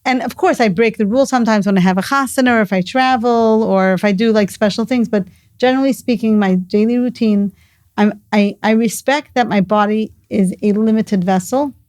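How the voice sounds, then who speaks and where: Woman, middle-aged, earnest storyteller, mellow, dry sound. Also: mid-range voice, a little fast, no echo. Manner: earnest, storytelling, sprinkles Hebrew and Yiddish words. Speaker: guest, mother of the host. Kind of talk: casual conversation.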